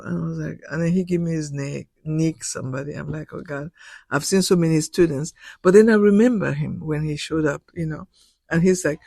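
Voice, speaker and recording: A woman professor in her sixties, with a lowish, gravelly, darkish voice, is heard without echo in an indoor radio studio. Interviewed as a guest, she recounts personal stories with heartfelt emotion, nearly crying, stumbling and repeating words.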